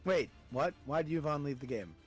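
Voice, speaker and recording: A man with a notably high voice rattles off esports play-by-play, hyping every pick and fight as it lands. Faint music runs underneath. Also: lively intonation, slightly rough. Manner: hype-driven, quick calls of plays and player picks. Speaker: esports caster.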